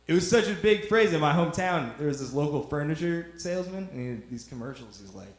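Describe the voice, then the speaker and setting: A man's voice: a little high, animated, fast, few pauses. Rambling stand-up man in echoey club. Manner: rambling, teasing the audience, drawling. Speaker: stand-up comedian. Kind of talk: stand-up comedy set. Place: comedy club stage.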